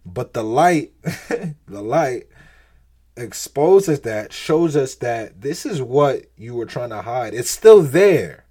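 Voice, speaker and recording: A man's voice: mid-range voice, lively intonation, takes it slowly, mellow, breathy edge. A man giving an informal devotional talk, rambling and restarting his sentences, often checking in with "right?" and breaking into light laughs. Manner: rambling, restarts often, keeps asking "right?" and "you know what I mean?"; laughs lightly between thoughts. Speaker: speaker giving a faith talk.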